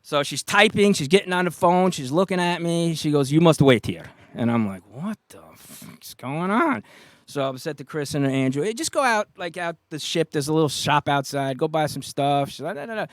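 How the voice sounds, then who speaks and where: A middle-aged man with a New York accent, casually telling an animated anecdote and acting out the voices of the people in it. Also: fairly high pitch, normal speed, no echo. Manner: animated anecdotes, acts out quoted voices, laughs often. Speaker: guest, retired police officer. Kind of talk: casual storytelling.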